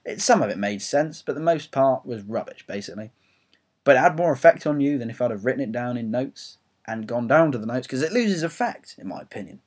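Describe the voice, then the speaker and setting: A young Englishman rants about football on his own audio blog, rambling, mocking himself and swearing freely. His mid-range voice is a little fast, with lively intonation.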